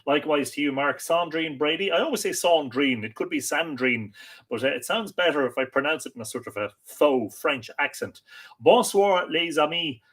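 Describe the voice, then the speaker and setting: An Irish man hosting a live mythology stream, chatting casually and greeting viewers by reading out their comments, often pausing and repeating words. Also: on the high side, fairly bright tone. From Ireland. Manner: chatty and friendly, with many hesitant repeats. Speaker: host of a live mythology show.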